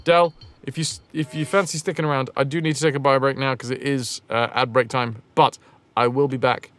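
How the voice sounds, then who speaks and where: A man's voice: mid-range voice, steady tone, brisk, a bit bright, no room sound. A man streaming a retro game, chatting with viewers, joking, swearing and thinking aloud as he plays. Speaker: livestream gamer. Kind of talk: casual gameplay chat to stream viewers.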